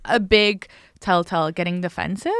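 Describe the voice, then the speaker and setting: A woman's voice: lowish voice, moderate pace, a bit bright, clean tone, no room sound. Frank Irish woman podcast host. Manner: frank, emphatic and profane. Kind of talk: casual podcast chat.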